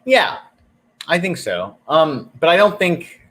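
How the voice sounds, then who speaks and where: A man co-hosting a live talk show, chatting in a relaxed, joking way. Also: a little high, a little slow. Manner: easygoing, joking, bursts into silly singing. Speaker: co-host, psychic. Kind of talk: casual live-stream chat.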